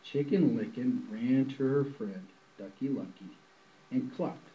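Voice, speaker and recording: Man, storybook reader, slow, playful, muffled recording. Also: medium pitch, slight background noise. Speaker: reader of a children's book. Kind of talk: reading a picture book aloud.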